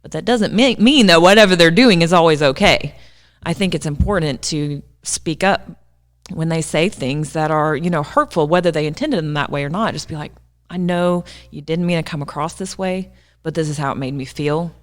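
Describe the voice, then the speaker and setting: A woman's voice: low voice, normal speed, in a large hall. A woman co-hosting a casual podcast chat, speaking in an earnest, reflective way. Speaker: podcast co-host.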